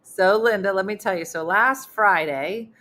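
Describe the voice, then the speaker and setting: At a moderate pace and medium pitch, a middle-aged woman with a slightly bright tone chats her way through stories full of fillers. She's a comedian hosting an easygoing online show in a casual live-stream style.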